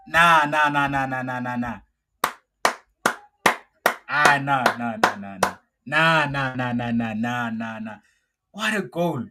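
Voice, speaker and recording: A young South African man hosting a live football watch-along, reacting excitably and repeating his exclamations. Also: a little high, low-quality recording. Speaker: football show host.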